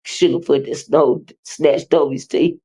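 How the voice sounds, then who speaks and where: A woman hosting a livestream, reading viewer comments and chatting with them in an animated, teasing way. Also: low voice, a little slow, husky. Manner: animated, teasing, with repeated "uh-uh" and laughter. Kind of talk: casual chat with viewers.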